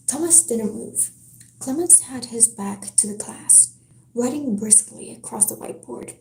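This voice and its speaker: A woman reads a novel aloud on a live stream in a soft, careful whisper, taking her time over each line. Her voice is fairly high yet mellow. It sits in a roomy echo with a faint hiss behind it. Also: measured pace. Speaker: live-stream book reader. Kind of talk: whispered book reading.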